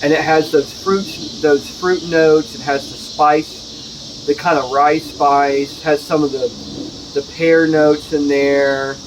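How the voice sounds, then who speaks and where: Casual male whiskey reviewer, slightly higher voice, joking asides, recorded outdoors with faint night noise. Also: level tone, slow. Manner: chatty, jokey, self-correcting asides. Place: outdoors at home, with neighbors nearby.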